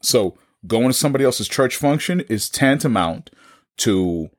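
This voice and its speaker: A man with a New York accent tells his story in a relaxed conversation. His pitch swings widely, and he acts out the voices of the people in it. He often repeats a word while he finds the next one. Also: unhurried. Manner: animated storyteller, acts out dialogue, repeats words. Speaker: guest telling his story. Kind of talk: casual podcast conversation.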